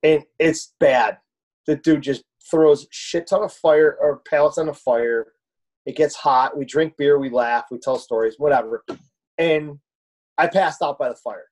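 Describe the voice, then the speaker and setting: A man's voice: fairly high pitch, unhurried, darkish tone. Man, podcast co-host, casual chat, rambling storyteller, swears a lot. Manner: rambling storyteller, profane, laughs often.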